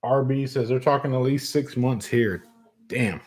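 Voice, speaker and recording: This middle-aged man hosts a vape channel livestream, casually reading viewer comments while swearing, joking, and laughing often at his own lines. His voice sits at a typical male pitch with a darkish tone and a slightly slow pace, drifting comfortably from loose banter to sincere conversation with viewers.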